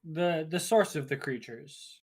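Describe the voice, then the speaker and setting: A player speaking in character in a tabletop game, polite and hesitant with frequent pauses. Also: medium pitch. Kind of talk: tabletop game role-play.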